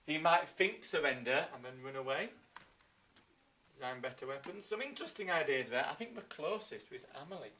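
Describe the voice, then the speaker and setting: English guy teaching primary kids history, bright voice, hams up the story, slight background hiss. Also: a little high, brisk. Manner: lively storytelling, acts out scenes in silly voices. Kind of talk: live online history lesson.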